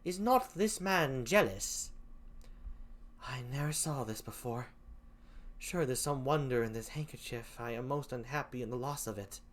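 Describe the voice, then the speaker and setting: A man voicing Desdemona, a gentle young noble wife, with an attempted English accent in an amateur Shakespeare reading. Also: medium pitch, lively intonation, a little slow, lightly acted. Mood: pleading.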